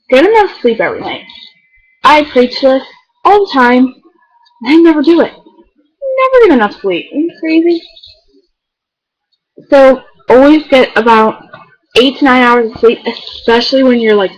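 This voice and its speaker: A woman's voice: on the high side, muffled recording. A teenage girl chatting casually to the camera, rambling and filling her talk with "like". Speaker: beauty vlogger. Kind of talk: casual chat.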